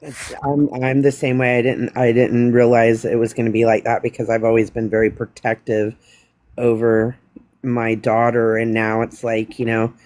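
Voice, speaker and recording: A man's voice: mid-range voice, little pitch movement, moderate pace, a little mellow. Earnest man in casual chat. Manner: earnest, with restarts.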